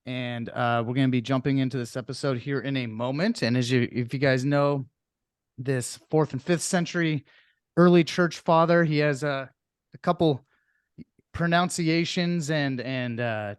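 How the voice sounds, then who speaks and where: A man's voice: on the high side, clear, resonant tone, dry recording, clean studio sound. A man opening a podcast episode, reading announcements in a loose way with many fillers. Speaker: podcast host. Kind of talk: casual podcast intro.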